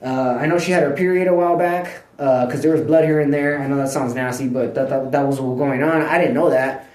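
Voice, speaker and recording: Man, casual vlog chat, rambling, profane, lots of fillers, throat clearing, echoey room. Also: mid-range voice, fairly even intonation, fast talker, darkish tone. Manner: clears his throat often. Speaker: vlogger.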